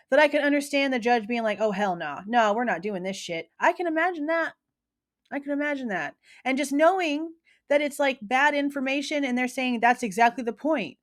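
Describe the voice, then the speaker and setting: A woman's voice: high-pitched, fairly bright tone. A woman hosting true crime commentary, talking casually in a slangy, emphatic, opinionated way.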